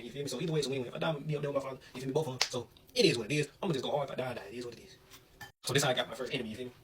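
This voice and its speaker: A young man from Alabama telling a story in an animated, slangy way. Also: mid-range voice, very fast, recorded from a distance, noisy background. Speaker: vlogger. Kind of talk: casual storytelling.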